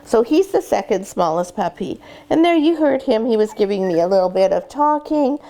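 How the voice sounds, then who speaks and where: A woman dog breeder giving puppy-training advice and weighing puppies in a casual vlog, dropping into a soft coaxing voice with the pups. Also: a little high, animated, moderate pace. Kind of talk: instructional vlog, talking to puppies. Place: sitting in a whelping box with puppies.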